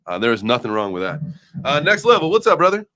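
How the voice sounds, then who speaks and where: A man's voice: medium pitch, very animated, fast talker, bright, forceful tone, no echo, studio quality. A man hosting a live crypto stream, upbeat and casual, thanking viewers and reading out super chats. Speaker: host.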